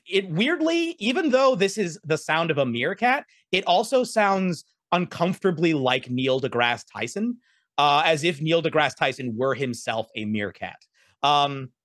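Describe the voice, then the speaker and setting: A man narrating a tabletop game as game master, animated and rambling, with many fillers and restarts. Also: a little high, dry recording, clean studio sound.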